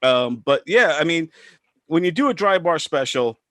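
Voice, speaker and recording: A man hosting a relaxed interview, asking loose questions full of fillers and warm laughter. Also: a little high, moderate pace, no room sound, studio quality. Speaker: podcast host. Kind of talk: casual interview chat.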